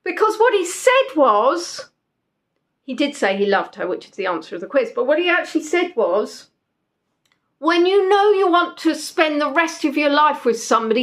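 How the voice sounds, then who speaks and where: A young woman with a high, fairly bright voice hosts a casual live quiz. She chats and jokes as she reads out the players' answers.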